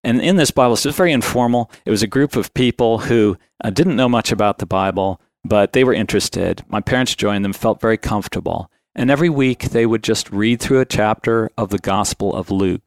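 A man in his fifties, a podcast guest, telling his life story in an earnest, reflective way and often clearing his throat. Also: on the low side, a little fast, hardly any pauses, no room sound, studio quality.

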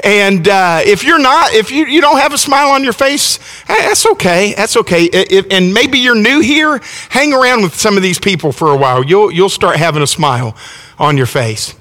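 A man's voice: high-pitched, lively intonation, moderate pace, bright, forceful tone. A middle-aged man from Alabama with a Southern accent, preaching and telling stories in a folksy, enthusiastic way, often restarting his words. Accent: Southern American. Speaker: visiting preacher. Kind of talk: sermon with storytelling. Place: church sanctuary. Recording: long church reverb.

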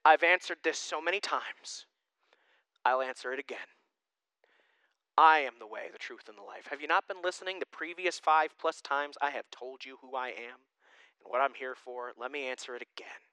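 A preacher drops his voice to play a weary but patient male teacher, speaking lower and softer than his usual talk. The delivery is calm and plain, with a faint edge of exasperation at having to repeat himself, in a dry, close recording. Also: moderate pace, clear, resonant tone, dry recording, natural voice, low-quality recording. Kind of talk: sermon.

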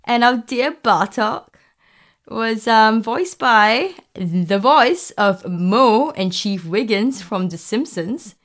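A woman's voice: fairly high pitch, expressive, slow pace, a bit bright. A woman co-hosting a podcast in casual chat, talking freely with restarts, fillers and laughter. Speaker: podcast co-host.

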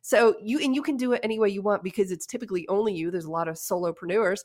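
A woman in her forties hosting a podcast, giving casual advice with lively stories and frequent laughs. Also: medium pitch, racing. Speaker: podcast host.

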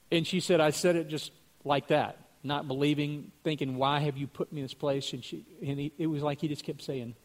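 A man's voice: fairly high pitch, fairly even intonation, normal speed. A man earnestly telling a religious testimony story, acting out what other people said.

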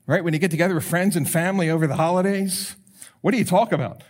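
A man preaching as a pastor, animated and rising to emphatic calls, with quoted prayers acted out. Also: sits high, fast talker. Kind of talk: sermon.

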